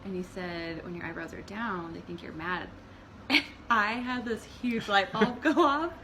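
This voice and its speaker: A woman's voice: medium pitch, a little slow, slight background noise, low-quality recording. A woman in her thirties co-hosting a casual chat about marriage, telling stories with lots of laughter and acted-out quotes. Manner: animated storyteller, laughs often, acts out quotes. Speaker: co-host of a marriage channel.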